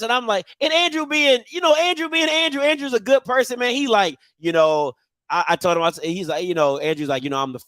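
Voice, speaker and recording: A middle-aged man from Maryland hosting a football show, telling a story in a loud, excitable, slangy way with bursts of outrage. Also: high-pitched, no echo. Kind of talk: casual storytelling monologue.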